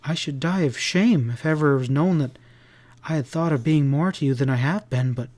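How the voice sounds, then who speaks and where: A man voicing an upset, indignant young woman in a classic western audiobook, with a breathy, trembling delivery. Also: a little high, a little fast, darkish tone, close to an everyday voice.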